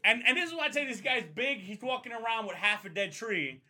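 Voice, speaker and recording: With an extremely high pitch and a fairly quick pace, a young man tells his friends a long story on a podcast. He's profane and animated throughout, acting out the voices of the story's people.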